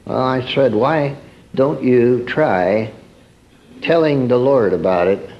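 A man preaching a sermon in a storytelling way, swinging from emphatic peaks to soft, quiet asides. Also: mid-range voice, slow pace, dull audio.

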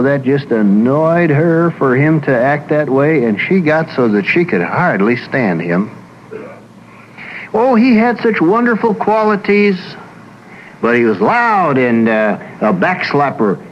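A man's voice: medium pitch, muffled recording, slight background noise. A man who works as a psychologist, giving a folksy lecture full of anecdotes and acting out the people he describes.

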